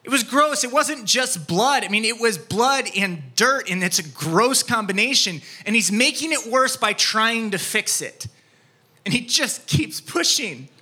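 A man preaching a sermon, telling a childhood story with lively acted-out scenes and dropping to a soft, quiet tone for his main points. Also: very high voice, a little slow, breathy edge. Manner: animated storytelling, acts out scenes, drops soft for key points. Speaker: pastor.

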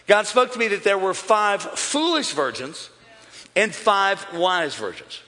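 A high, bright-voiced man preaching a sermon to a packed church. He talks straight to the crowd and builds to shouts. His voice rings out with a long hall reverb. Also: expressive, unhurried. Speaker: pastor. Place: large church with overflow campuses.

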